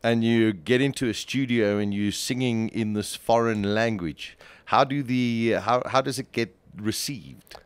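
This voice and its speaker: Radio host guy, mid-pitched, gushing and rambly, dry studio mic. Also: a little slow, smooth, no room sound. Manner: enthusiastic, rambling questions. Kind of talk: radio interview.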